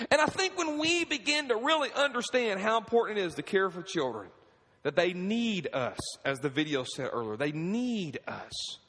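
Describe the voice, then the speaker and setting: Fervent thirty-something preacher in a ringing hall. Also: male voice, expressive, normal speed. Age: 30s. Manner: fervent, swings from quiet pleading to high emphatic preaching, asks the crowd for amens. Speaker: pastor. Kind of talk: sermon. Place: church sanctuary. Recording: long reverb of a church hall.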